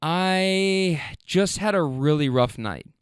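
An upset young woman in a car, halting and sniffly, who rambles and repeats herself, as a man retells her words in a story. The voice sits a little high and smooth, recorded close and dry. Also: no room sound. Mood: upset rambling.

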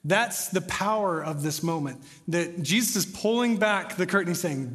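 A man's voice: fairly high pitch, expressive, moderate pace, few pauses, a bit bright. A young American man preaching a sermon, chatting casually and then rising to passionate emphasis. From United States. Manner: conversational, builds to passionate emphasis. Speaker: pastor. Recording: long hall reverb.

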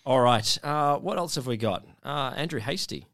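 A man's voice: medium pitch, animated, normal speed, fairly bright tone, a little hiss or hum. Joking man hosting a podcast. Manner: joking, hesitant with fillers. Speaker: podcast host. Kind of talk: casual political chat.

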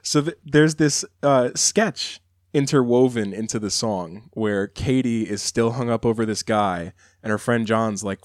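A man's voice: mid-range voice, unhurried, no room sound. Guy gushing about songs on a podcast, chatty and a bit campy, dry close sound. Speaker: podcast co-host. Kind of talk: casual chat.

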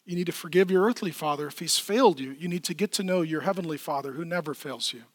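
A man preaching a sermon as pastor, swinging from loud, impassioned pleas to quiet, tender stretches. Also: fairly high pitch, fast, no room sound, studio quality. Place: church.

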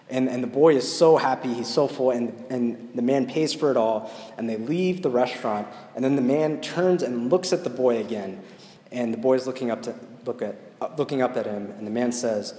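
A man's voice: mid-range voice, darkish tone. A man giving a storytelling sermon and then a prayer, talking conversationally and often checking in with "right?". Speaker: preacher. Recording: echoey hall with long reverb.

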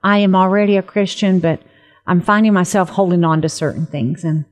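A woman's voice: on the low side, fairly even intonation, fairly quick, darkish tone. Earnest woman leading a prayer on air. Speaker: co-host of a Christian radio talk show. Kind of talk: faith talk with a spoken prayer.

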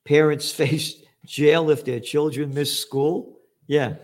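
A man hosting a show, ranting with angry, profane commentary and shouting outbursts. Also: fairly high pitch, steady tone, takes it slowly. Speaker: show host.

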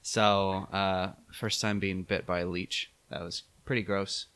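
A young man telling a travel story in a casual chat, animated and laughing, with many fillers. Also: low voice, a little slow, clear, resonant tone.

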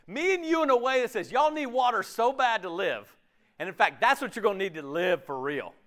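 Here a high-voiced man preaches at a brisk clip, keeping the sermon lively and conversational and often slipping into imagined characters' voices.

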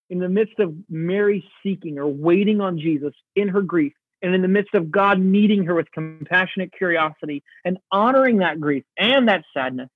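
A pastor preaching a sermon in an earnest, reflective way, slowing down to stress key words. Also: male voice, on the high side, slightly rough, dry recording. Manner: earnest, reflective, slows for emphasis. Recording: dry, phone-like narrow sound.

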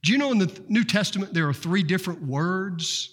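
A man preaching a sermon, slow and dramatic, with repeated refrains and rhetorical questions. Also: sits high, animated, a bit bright, breathy edge. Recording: reverberant hall.

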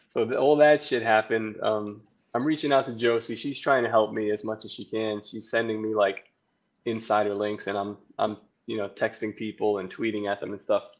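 A man's voice: on the low side, little pitch movement, normal speed. A man chatting casually on a podcast, rambling and swearing, often breaking into laughter.

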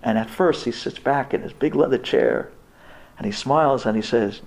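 Speaking to a live audience, a man shares an emotional personal story with passion, stammering and restarting and using religious Hebrew and Yiddish terms. His voice is medium-pitched and a little mellow, with vocal fry, at a normal speed.

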